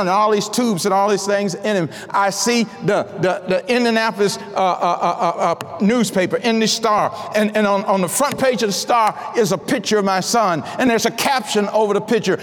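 A middle-aged man preaching a sermon with a personal testimony, swinging from hushed asides to shouted declarations and often restarting his words. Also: high voice. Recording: long hall reverb.

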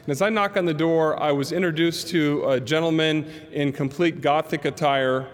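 A male pastor preaches a sermon, telling a story and acting out the voices of the people in it. His voice sits slightly high for a man. A long reverb from the large hall hangs behind every phrase. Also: normal speed. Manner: animated storyteller acting out quotes.

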